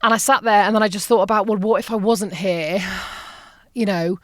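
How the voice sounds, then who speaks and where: A middle-aged woman, a podcast guest, telling a personal story with emotion, often halting and repeating herself. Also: medium pitch, fairly even intonation, a bit bright, dry recording, studio quality.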